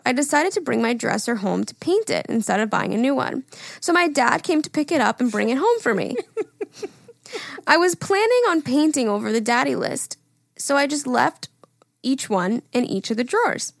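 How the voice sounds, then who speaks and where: A woman's voice: high voice, big pitch swings, normal speed, vocal fry, dry recording, studio quality. A woman co-hosting a casual podcast, reading listener stories aloud in a blunt manner, swearing freely. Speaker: podcast co-host.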